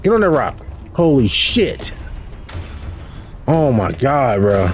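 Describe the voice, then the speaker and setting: A young man casually commentating as he plays a game, profane and excitable, talking to his viewers and yelping when he panics. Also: medium pitch, slow pace. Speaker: gaming YouTuber. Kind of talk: casual let's play commentary. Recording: loud game music behind voice. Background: game music and sound effects.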